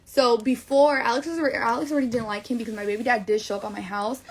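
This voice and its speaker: A woman's voice: fairly high pitch, fairly even intonation, quick pace, slight background noise. A young woman telling her viewers a long personal story, blunt, rambling and swearing a lot. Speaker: livestreamer.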